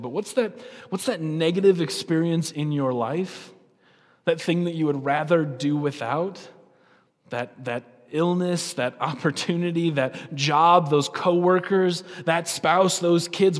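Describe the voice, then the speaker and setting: A pastor delivers a sermon in a slightly higher-pitched male voice, earnest and conversational, tossing in questions to the congregation. His voice carries the long reverb of a large hall. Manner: earnest, conversational preaching with repeated "right?".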